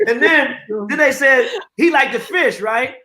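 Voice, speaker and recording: A man on a video call, telling stories in a loose, animated way and repeating his words as he gets going. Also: very high-pitched, measured pace. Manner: animated, repeats words when starting a story. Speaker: guest actor. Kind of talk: casual storytelling on a video call. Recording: echoey room with faint noise.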